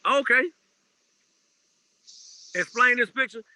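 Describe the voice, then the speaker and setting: A man, a DJ and a father, telling personal stories in a casual podcast chat, animated and laughing as he goes. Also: very high-pitched, slow pace, no room sound, poor audio. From Georgia, USA. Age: adult parent. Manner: animated storyteller, laughs through anecdotes. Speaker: guest DJ.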